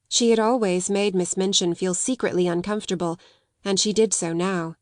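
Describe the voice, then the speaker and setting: In a clean studio recording that sounds dry, a woman reads a scripted audiobook. Her medium-pitched voice tells the story in a steady, measured manner.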